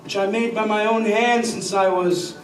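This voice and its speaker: On stage, a man plays a drunken, swaggering adult butler, boisterous and blustering, in a lightly acted live performance. His voice sits high, with fairly even intonation and a moderate pace. He's recorded from a distance in an echoey hall.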